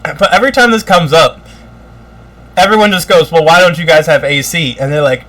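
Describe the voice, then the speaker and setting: A man's voice: fairly high pitch, brisk, rough recording. A man co-hosting a podcast, ranting in casual chat with lots of swearing and mocking impressions. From United States. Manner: animated, profane ranting with mocking put-on quotes. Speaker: podcast co-host.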